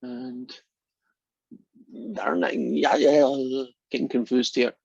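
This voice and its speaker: A man's voice: medium pitch, steady tone, takes it slowly, vocal fry, darkish tone, breathy edge, no echo, muffled recording. Man telling corny jokes in lecture. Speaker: math lecturer.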